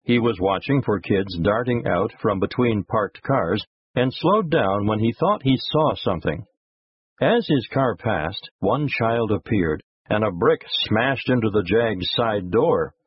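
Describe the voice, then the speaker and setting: A man tells a moral tale with an animated, rising and falling voice. His tone is husky and dry, heard on a dull lo-fi recording. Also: fairly low pitch, measured pace, no echo. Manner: expressive, moralizing. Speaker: narrator. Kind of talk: storytelling narration.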